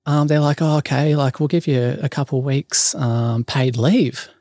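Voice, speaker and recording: A man's voice: medium pitch, fairly even intonation, unhurried, darkish tone, no echo, studio quality. An Australian man telling a long story in casual chat, full of ums, likes and swearing. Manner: rambling, many ums and likes, swears freely. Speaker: podcast guest.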